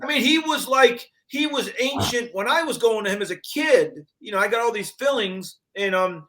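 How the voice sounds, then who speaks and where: A man's voice: extremely high pitch, lively intonation, normal speed, fairly bright tone. An older man from upstate New York co-hosting a casual sports talk show, chatty and full of asides. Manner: chatty, full of fillers and restarts. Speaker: podcast co-host. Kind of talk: casual chat.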